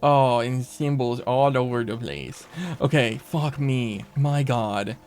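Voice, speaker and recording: A man's voice: medium pitch, slow pace, darkish tone, clean tone, soft background music. Chatty swearing man streaming a game. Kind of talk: casual gameplay commentary.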